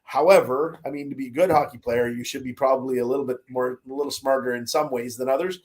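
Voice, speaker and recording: A man's voice: mid-range voice, steady tone, quick pace, a little mellow. A man co-hosting a casual sports chat, rambling with lots of fillers and restarts. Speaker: podcast co-host. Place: Caribbean, remote.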